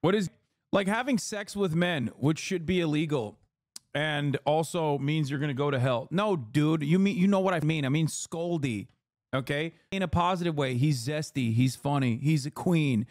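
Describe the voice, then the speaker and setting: A man's voice: a little high, normal speed, no echo, studio quality. Sarcastic man ranting over news clips. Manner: sarcastic, mocking rant with put-on quoted voices. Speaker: streamer reacting to news clips. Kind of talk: casual profane commentary.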